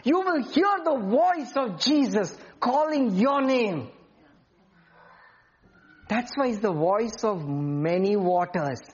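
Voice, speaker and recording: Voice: mid-range voice, lively intonation, slow pace, lo-fi sound. A preacher delivering an emphatic sermon and often asking the congregation questions.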